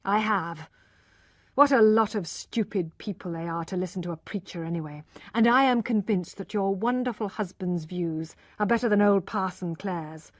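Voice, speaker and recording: Give me a woman playing a passionate young gentleman pressing his case, urgent, in a dry storybook reading. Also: medium pitch, normal speed, no echo, close to an everyday voice. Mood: pleading, insistent. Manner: urgent and insistent. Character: passionate pushy young gentleman turned preacher.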